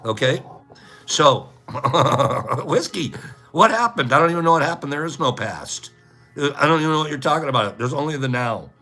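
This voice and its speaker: A man hosting a casual livestream, playfully rambling through shout-outs to viewers by name. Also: fairly high pitch, lively intonation, moderate pace, soft background music. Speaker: livestream host. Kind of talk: casual livestream chat, reading out viewer names.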